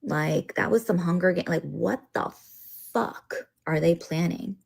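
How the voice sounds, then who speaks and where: A woman's voice: fairly low pitch, a little slow, vocal fry, a little mellow, husky. A woman reacting in a social media clip, drawling and profane, padding her speech with "like". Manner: drawling, filler-heavy, profane.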